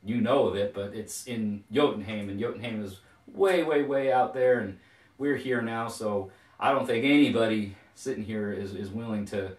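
A man's voice: fairly low pitch, moderate pace, a little mellow, natural voice. A man voicing a skeptical, hesitant god hosting a feast, recorded with a roomy echo from a distant mic. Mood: doubtful. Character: Aegir, doubtful host god.

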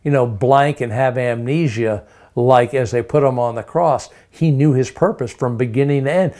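A man preaching a sermon with emphatic delivery, stacking up rhetorical questions and repeating words to drive his points home. His voice sits at an ordinary male pitch. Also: darkish tone.

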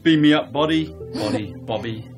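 A man's voice: medium pitch, normal speed, soft background music, lightly acted. An actor playing a jokey, stubborn young father who fools around during a family game. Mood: joking. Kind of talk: playful family banter.

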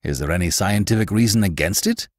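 A man's voice: low voice, quick pace, no echo, studio quality. A man voicing a self-assured older professor who explains matters to his nephew. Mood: confident. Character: confident older male professor, lecturing uncle.

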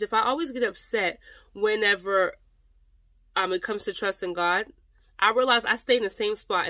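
A woman's voice: mid-range voice, pushed and bright, dry recording. A woman talking to her viewers about faith, exhorting them and repeating her points, calling them "y'all" and getting close to tears at moments. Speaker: faith vlogger. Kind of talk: personal devotional talk to camera.

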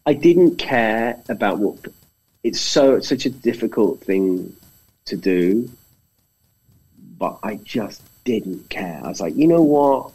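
A man's voice: on the low side, slow pace, husky, poor audio. A British man, a film director, telling stories in a casual conversation and acting out the quotes. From Britain. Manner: animated storyteller, acts out quotes.

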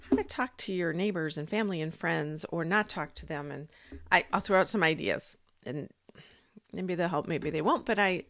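A woman's voice: deep voice, creaky, a bit bright, a little hiss or hum. A woman vlogger talking casually and thinking aloud, rambling with fillers and restarts. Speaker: psychic vlogger. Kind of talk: casual monologue.

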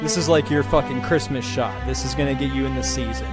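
A man's voice: medium pitch, quick pace, over loud music. A man hosting his own podcast, talking in a loose, hyped, profane way. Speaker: podcast host. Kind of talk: casual chat.

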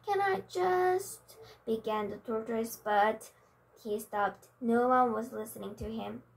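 A woman reads a children's storybook aloud at a slow, careful pace. Her voice sits fairly high, and she corrects small slips as she goes. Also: flat delivery, gravelly, poor audio. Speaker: reader.

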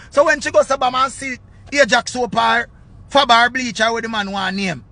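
A Jamaican man giving loud, excitable commentary on his channel, often repeating his phrases. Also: very high-pitched, a little fast. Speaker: vlogger. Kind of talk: casual commentary.

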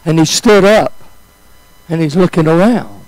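A male preacher telling a story in a sermon, swinging from high exclamations to hushed, drawn-out phrases. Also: lively intonation, no room sound, rough recording.

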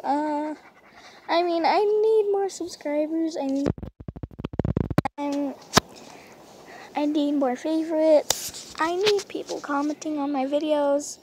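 A woman's voice: high-pitched, background noise. A woman vlogging casually outdoors from a lounge chair, rambling, hesitant and pleading.

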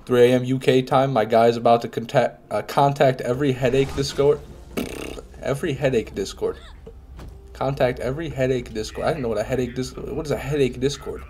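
A young man talking casually through a live gameplay stream, answering chat and cursing at the game now and then. He is fighting off a head cold. His voice sits at an ordinary middle pitch. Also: fairly even intonation, fast, hardly any pauses, darkish tone, a little hiss or hum. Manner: chatty, reads chat aloud, swears casually.

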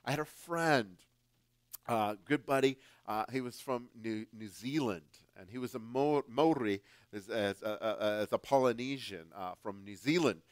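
A man's voice: mid-range voice, normal speed, dry recording. Emphatic man preaching a dry sermon. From United States. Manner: emphatic, conversational, swings louder and softer. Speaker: guest pastor.

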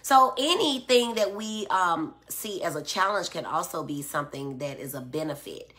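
Reading out comments from her viewers, this middle-aged live stream host explains things patiently through everyday examples. She speaks a little low, with lively intonation, at a moderate pace and with a slightly bright tone, recorded on a phone or tablet.

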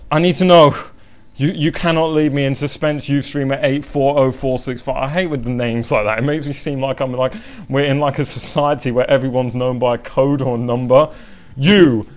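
A man hosting a casual live stream who chats to viewers in an excitable, rambling way with mock suspense. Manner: excitable, rambling, jumps into high-pitched mock suspense and laughs often.

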